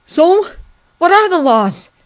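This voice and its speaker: A woman voicing an earnest young male prince with a high, pleading way of talking. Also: sing-song, slow pace, exaggerated voice. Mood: eager.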